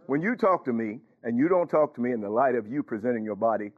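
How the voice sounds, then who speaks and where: Lively preacher on a tinny line. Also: male voice, mid-range voice, fast. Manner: conversational, questioning the congregation, chuckling. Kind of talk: sermon. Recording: tinny phone-like recording.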